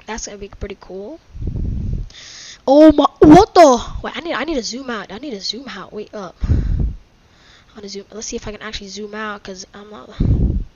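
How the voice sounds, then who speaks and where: A woman hosting a casual gameplay video at home, reacting excitably and bickering in exasperation with a friend who keeps teasing her. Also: mid-range voice, a little fast, slight background noise. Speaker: gaming video host. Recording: dull lo-fi mic.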